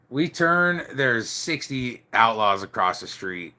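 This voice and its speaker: A man's voice: medium pitch, animated, slow, sharp tone. A middle-aged man casually telling a rambling story, peppered with "dude" and "like". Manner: rambling, swears mildly, says "dude" and "like" often. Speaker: storyteller recounting biker club days.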